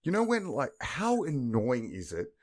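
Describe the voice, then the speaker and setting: A man's voice: medium pitch, unhurried. A young man co-hosting a podcast, telling crude stories full of swearing and acted-out quotes. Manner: swears constantly, animated storytelling with acted-out quotes. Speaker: podcast co-host. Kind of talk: casual crude banter.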